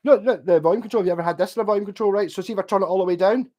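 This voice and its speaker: A Scottish livestream host in his forties chats casually, rambling, swearing, and trailing off mid-sentence as he tells stories. He speaks rapid-fire in a high voice with a darkish tone.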